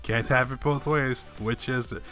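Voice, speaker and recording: A man's voice: mid-range voice, steady tone, normal speed, a bit bright. A man reading old forum posts aloud and commenting on them with dry, sarcastic asides and frequent chuckles. Faint music plays behind him. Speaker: online commentator.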